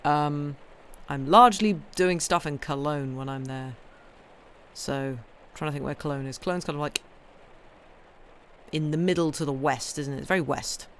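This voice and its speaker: A woman's voice: deep voice, normal speed, slight background noise. Rambling woman chatting on stream. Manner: rambling, with many ums and restarts. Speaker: streamer reading a novel aloud. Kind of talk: casual chat on a live stream.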